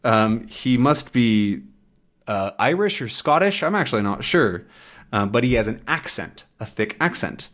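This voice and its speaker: A man's voice: on the low side, lively intonation, measured pace. A man teaching English from a comic, patiently explaining words and often checking in with "right?". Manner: acts out sounds and voices.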